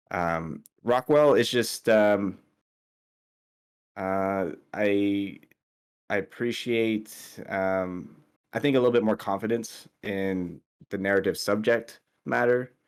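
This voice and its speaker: A man talking as a guest artist in a casual interview over a call, halting with many fillers and restarts. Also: sits low, clean tone. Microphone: remote call audio.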